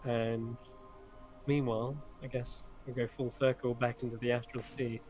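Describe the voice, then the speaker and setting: A man narrating a tabletop game as game master, describing scenes in an unhurried, descriptive way. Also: mid-range voice, level tone, a little mellow, soft background music, low-quality recording.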